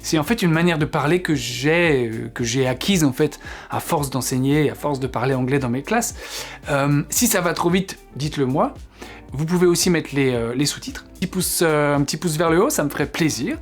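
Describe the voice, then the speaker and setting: A man with a French accent, a native French speaker, teaching English phrases in a casual video lesson, speaking slowly and articulating carefully with frequent ums. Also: on the high side, soft background music.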